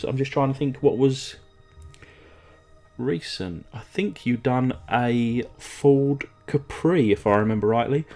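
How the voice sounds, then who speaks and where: A man's voice: mid-range voice, darkish tone. A man from England hosting a casual hobby vlog, chatty and rambling, with lots of ums and uhs. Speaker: diecast restoration channel host.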